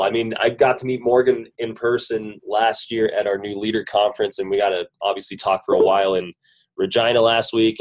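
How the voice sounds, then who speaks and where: A man with a head cold speaks in a somewhat low voice. He gives a casual, upbeat pep talk on a team conference call, praising and joking. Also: low-quality recording. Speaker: business team leader on a coaching call. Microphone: phone conference call.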